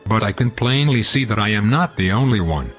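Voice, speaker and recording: A man's voice: on the low side, lively intonation, fairly quick, fairly bright tone, faint music behind. A man hosting a scripted comedy show, pompous, long-winded and sarcastic. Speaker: host.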